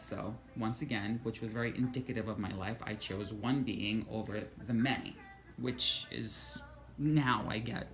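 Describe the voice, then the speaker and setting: A woman vlogger telling a personal story in an animated monologue, swearing freely and quoting her own thoughts aloud. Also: rumbling low.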